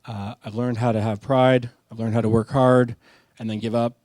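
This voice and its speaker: A middle-aged man shares his own story at a live storytelling night, talking in a candid, conversational way and often making fun of himself. His voice is warm and mellow, and the sound is close and dry. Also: mid-range voice, flat delivery, moderate pace, dry recording. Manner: candid, conversational, self-deprecating. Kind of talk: personal storytelling talk.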